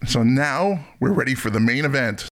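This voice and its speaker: A man's voice: mid-range voice, lively intonation, normal speed, very noisy. A middle-aged man hosting a podcast, chatting casually and enthusiastically about music and laughing often. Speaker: podcast host.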